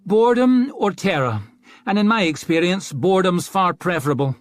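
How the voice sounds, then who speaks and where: A man's voice: high voice, lively intonation, moderate pace, dry recording, pitched above the performer's own voice. A man reading an audiobook, voicing a young soldier who speaks of war in a grave, self-serious way. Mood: weary. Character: world-weary young male soldier, self-important.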